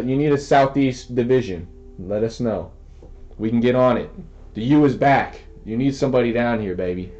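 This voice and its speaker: A man's voice: mid-range voice, darkish tone. A man opening sports card packs in casual chat, brash and joking with a friend. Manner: brash, joking, rapid-fire. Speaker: card breaker. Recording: slightly dull, music faint behind. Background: faint music.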